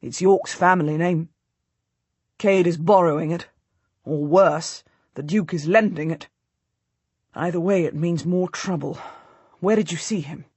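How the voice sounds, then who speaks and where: A woman voicing an anxious, devoted noble husband in an audiobook, speaking low and urgently. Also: measured pace, pauses often, a little mellow, husky, no echo. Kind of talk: audiobook character voice.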